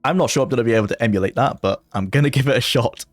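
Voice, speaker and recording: A man giving let's play commentary on a mobile game, excitable, with jumpy bursts of panic and frequent laughter. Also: mid-range voice, racing, no room sound, faint music behind. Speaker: gaming video creator.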